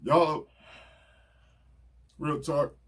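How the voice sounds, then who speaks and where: A man's voice: fairly high pitch, level tone, drawn-out words, fairly bright tone. A man, talking earnestly and casually as he thanks the people in his life. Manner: earnest, repeats "you know what I'm saying". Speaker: rapper giving album shout-outs. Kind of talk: casual heartfelt talk.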